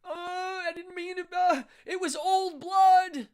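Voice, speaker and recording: A man's voice: completely flat delivery, slow, sharp tone, heavily acted. A man doing a sobbing, whimpering performance artist. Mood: sobbing apology. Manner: whimpering, apologetic, high and tearful.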